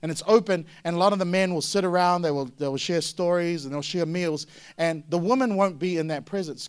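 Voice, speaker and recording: A middle-aged man from Samoa delivers a sermon with a high-pitched voice. He talks in a lively way and jumps into acted-out voices that get loud and sharp. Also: smooth. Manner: animated, acts out voices with sudden loud high bursts. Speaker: pastor.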